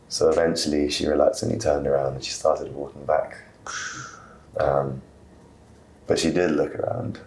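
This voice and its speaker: A man hosting a podcast, telling a family story in a relaxed, casual way with fillers. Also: extremely low pitch, moderate pace, vocal fry. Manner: relaxed, with fillers and soft laughs. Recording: roomy room with faint background noise.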